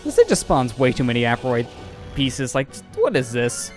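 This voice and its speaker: A man's voice: medium pitch, wildly swooping pitch, normal speed, darkish tone, soft background music. A man hosting a let's play, giving casual, knowledgeable gameplay commentary. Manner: explanatory, knowledgeable.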